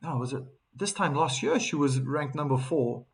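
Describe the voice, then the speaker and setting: A South African man commentating a tennis match live, with a slightly higher-than-usual voice. He chats casually, reads viewers' messages aloud and bursts with excitement at key moments. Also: moderate pace. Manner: chatty, reads viewer chat messages aloud between calls; bursts of excitement on big points.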